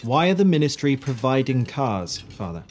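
A woman's voice: very deep voice, big pitch swings, normal speed, darkish tone. A woman reading an audiobook, voicing a pompous, priggish young man in an indignant way. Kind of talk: audiobook character voice.

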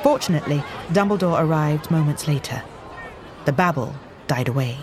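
Low-voiced woman narrating a drama. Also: lively intonation, crowd noise, noisy background. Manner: measured storybook reading. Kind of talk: scripted narration. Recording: clear music underneath.

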